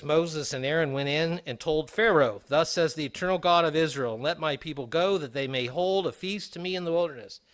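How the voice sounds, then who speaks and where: A man's voice: fairly high pitch, fairly bright tone. A middle-aged man preaching a sermon, reading scripture aloud and adding conversational asides. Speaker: pastor.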